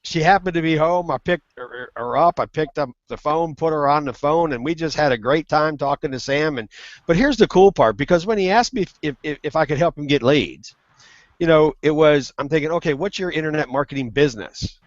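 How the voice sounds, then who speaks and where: Man, slightly high voice, animated storyteller on a muffled video call. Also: a little fast, no room sound. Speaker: guest on a web hangout. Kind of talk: casual storytelling. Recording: muffled web call audio.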